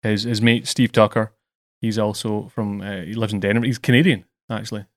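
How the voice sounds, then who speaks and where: Lively teasing male podcast host. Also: fairly low pitch, fairly quick. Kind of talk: casual chat.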